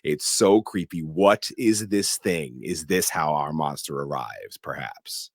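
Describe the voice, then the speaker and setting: A man co-hosting a podcast, recapping a film in a casual, animated way and punctuating the story with sound words. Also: rumbling low, takes it slowly, dry recording, clean studio sound. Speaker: podcast co-host.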